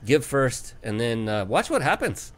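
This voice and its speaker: A man hosting a business talk show, chatting enthusiastically and spelling out details slowly. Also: medium pitch, big pitch swings, fairly bright tone. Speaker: show host. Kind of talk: casual interview talk.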